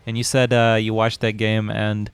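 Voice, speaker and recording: A man hosting a live esports cast in a relaxed, chatty way, laughing easily with his co-casters. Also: lowish voice, normal speed, smooth, no room sound. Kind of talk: casual live-stream casting chat.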